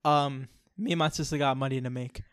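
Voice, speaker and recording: A man co-hosting a podcast, telling a long comic story in an animated, joking way. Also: mid-range voice, fairly quick, dry recording, clean studio sound. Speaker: podcast co-host. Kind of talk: casual storytelling chat.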